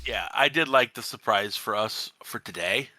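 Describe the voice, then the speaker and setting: A man's voice: on the low side, animated, moderate pace, sharp tone, no echo. A man, a player in a tabletop game, chatting casually and hesitantly with many fillers. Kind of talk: casual chat.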